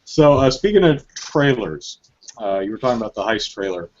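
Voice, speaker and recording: A man hosting a podcast in casual chat, telling stories in an animated, joking way. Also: lowish voice, brisk, lo-fi sound. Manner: animated, joking storytelling with frequent laughs. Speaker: podcast host.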